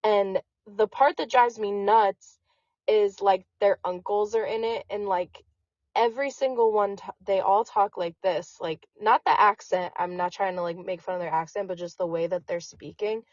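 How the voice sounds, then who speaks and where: A woman's voice: mid-range voice, fairly even intonation, moderate pace, a little mellow, dry recording. Chatty woman on a muffled podcast mic. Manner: chatty, heavy on "like" fillers. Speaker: podcast co-host. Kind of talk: casual chat. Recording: dry muffled lo-fi recording.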